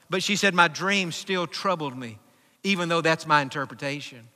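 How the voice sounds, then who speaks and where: Bright-voiced preacher in an echoing hall. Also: male voice, fairly high pitch, moderate pace. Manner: emphatic, rising to near-shouts when quoting. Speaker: pastor. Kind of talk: sermon storytelling. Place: church sanctuary. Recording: church hall with long reverb.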